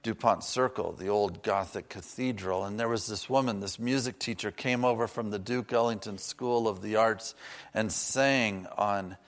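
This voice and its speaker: A man preaching a sermon, earnest and personal, slowing down to stress key words and dropping in chatty asides. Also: lowish voice.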